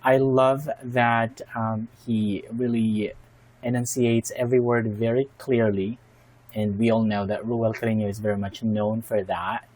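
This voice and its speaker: A man's voice: on the low side, little pitch movement, unhurried, darkish tone, no echo, poor audio. Man reacting with thoughtful, admiring commentary. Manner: thoughtful and admiring, with many fillers and restarts. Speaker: reaction video host. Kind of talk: casual spoken commentary.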